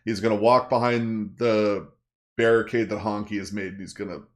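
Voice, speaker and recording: A man at a tabletop game, calmly laying out his character's moves. His voice sits a bit low and even. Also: normal speed. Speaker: player. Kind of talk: casual tabletop play.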